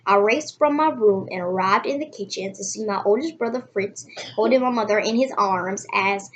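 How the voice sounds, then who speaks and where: A woman hosting a casual read-aloud, reading haltingly with restarts and dropping into soft asides. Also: mid-range voice, slight background noise. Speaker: host reading a book aloud.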